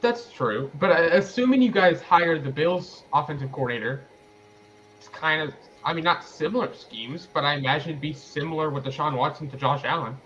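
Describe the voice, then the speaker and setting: A man co-hosting a podcast in casual sports chat, throwing in questions and quick asides. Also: fairly high pitch, a bit bright, slight background noise. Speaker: podcast co-host. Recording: dull lo-fi sound.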